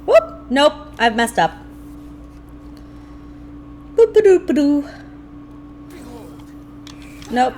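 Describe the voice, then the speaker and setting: A young woman streaming a video game live, talking to herself and her chat in an animated, playfully grumbling way. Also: a little high, unhurried, long pauses, slight background noise. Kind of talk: live gameplay commentary.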